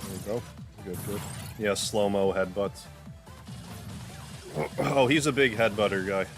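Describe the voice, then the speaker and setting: A man hosting a gaming livestream, chatting loosely while playing and cooing softly at his cat. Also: lowish voice, a little slow. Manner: rambling, loose, full of "like"; softens to a coo when talking to his cat. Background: game music.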